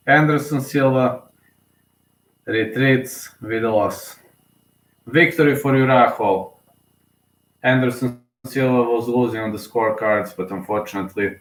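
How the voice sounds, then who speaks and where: A young man giving live, emotional fan commentary on a fight, excitable and often repeating himself. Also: mid-range voice, a little slow. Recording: roomy echo.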